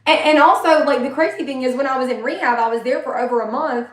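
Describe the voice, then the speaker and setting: A woman's voice: sits high, fast talker. A young adult woman talking candidly and emotionally in a rambling personal monologue. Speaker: vlogger. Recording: echoey room.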